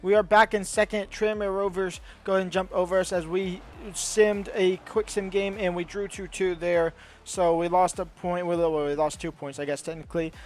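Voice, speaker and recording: A young man giving excitable play-by-play commentary over his own football video game, rising to shouts at goals. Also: sits high, normal speed, slight background noise. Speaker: gaming YouTuber.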